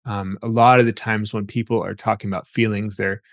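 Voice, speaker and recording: A man's voice: on the low side, little pitch movement, a little fast, no echo, studio quality. A man speaking as a therapist guest in an interview, thoughtful and explanatory, often repeating words as he thinks. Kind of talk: interview conversation.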